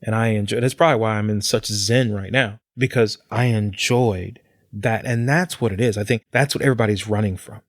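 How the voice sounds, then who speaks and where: A man talking on a podcast in casual chat, swearing often and pushing his voice high when he gets worked up. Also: steady tone, fairly quick, no room sound, studio quality. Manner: profane and emphatic, voice climbs high when fired up. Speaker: podcast guest.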